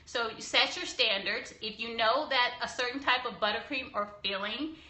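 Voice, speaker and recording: Young woman baker on a live stream, super bright voice, blunt and preachy, echoey kitchen. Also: on the high side, moderate pace. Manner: blunt and preachy, with laughs and mild swearing. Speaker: cake decorator hosting a live stream. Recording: echoey room.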